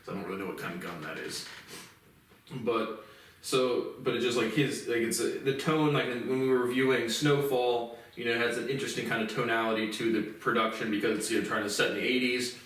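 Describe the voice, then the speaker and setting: A man's voice: mid-range voice, brisk, fairly bright tone. A man giving a casual spoken television review, rambling with many restarts and fillers and some swearing. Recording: echoey room, mic at a distance.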